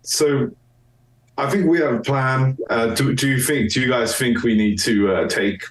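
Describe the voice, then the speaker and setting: A man's voice: medium pitch, normal speed, roomy sound, recorded from a distance, rough recording. A man playing a tabletop game, speaking hesitantly with many fillers. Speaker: player. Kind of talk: casual tabletop game play.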